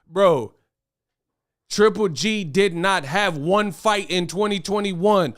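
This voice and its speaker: A young man hosting a boxing commentary livestream, talking fast in slang, excitable and laughing as he reads viewer chat. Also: high voice, dry recording, studio quality. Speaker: boxing commentary show host.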